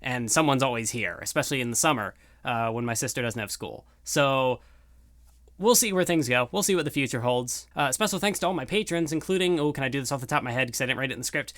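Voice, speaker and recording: A man's voice: mid-range voice, quick pace, a bit bright, no echo, studio quality. A young man rambling casually through a video outro at home, self-deprecating and full of fillers. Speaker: YouTuber. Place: room at home.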